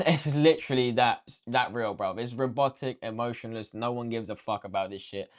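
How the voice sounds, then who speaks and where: A man's voice: mid-range voice, brisk. A young man teaching a casual trading lesson, slangy and swearing freely, talking straight to viewers. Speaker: trading coach.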